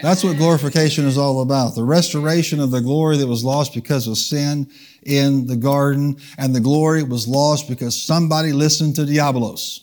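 A man's voice: medium pitch, steady tone, a little fast, a little mellow. A man preaching a sermon, leading the congregation in call-and-response and changing his pace for emphasis. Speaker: pastor. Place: church.

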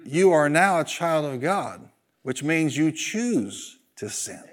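Man preaching an animated sermon. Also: fairly high pitch, takes it slowly. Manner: animated preaching with call-and-response, jokes and sung asides. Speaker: pastor.

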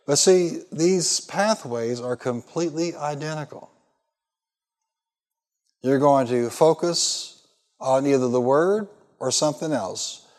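A man's voice: a little high, slow, darkish tone. A male pastor preaching a sermon, reading scripture and pressing the congregation with fill-in questions. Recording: long hall reverb.

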